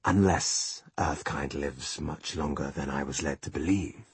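A man's voice: rumbling low, a little slow, breathy edge, dry recording, heavily acted. A man voicing a small, bloodthirsty blue demon that hisses threats and sulks, in an audiobook reading. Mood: bored, petulant. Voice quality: hissing, petulant.

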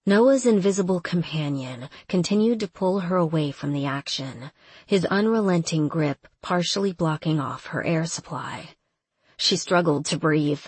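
Woman reading an audiobook, low husky voice, slow steady pace, dry close sound. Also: dry recording. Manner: measured, steady storytelling. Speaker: audiobook narrator. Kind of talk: scripted narration.

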